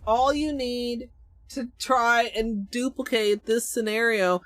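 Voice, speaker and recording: A woman's voice: on the high side, fairly even intonation, slow pace, fairly bright tone, no echo. Crude, joking woman streamer. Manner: crude joking, sudden shrieks and laughs. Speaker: nail art streamer. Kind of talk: casual livestream chat.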